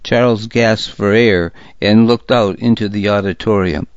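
Slow, low-voiced male storyteller. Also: fairly even intonation, no echo. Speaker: audiobook narrator. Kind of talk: first-person scripted narration. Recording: dull, slightly lo-fi dry recording.

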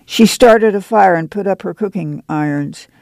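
A man narrating an audiobook in a steady, measured reading. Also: high voice, vocal fry, dry recording. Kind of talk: scripted narration.

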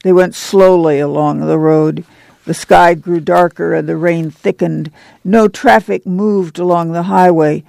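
A woman narrating an audiobook in a steady reading voice. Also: fairly low pitch, measured pace, gravelly, no echo.

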